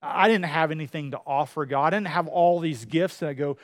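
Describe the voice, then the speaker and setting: Male preacher, high voice, impassioned sermon delivery, dry close mic. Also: brisk, few pauses, dry recording. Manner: preaching with rising intensity, acting out quoted voices.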